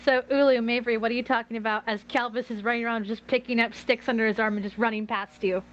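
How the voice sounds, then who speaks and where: A woman narrating as game master of a tabletop game, lively and quick to laugh, on a muffled recording. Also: on the high side. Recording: muffled lo-fi audio with faint hiss.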